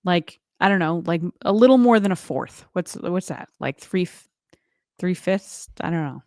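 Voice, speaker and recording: Chatty lower-voiced woman podcaster. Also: lively intonation, moderate pace, a little mellow, no echo, clean studio sound. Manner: chatty, says "like" a lot, quotes people in playful voices. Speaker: podcast co-host. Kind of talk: casual chat.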